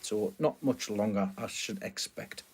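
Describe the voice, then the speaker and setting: A man's voice: fairly low pitch, a little slow, slightly rough. A man chatting casually on a live stream from a small greenhouse at night, greeting viewers and laughing often. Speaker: vlogger hosting a live stream.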